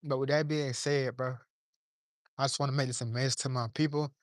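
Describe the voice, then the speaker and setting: A man's voice: medium pitch, level tone, brisk, no room sound, studio quality. A man giving an impassioned, profane monologue to camera from his yard, preaching in plain street talk while a little under the weather. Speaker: vlogger.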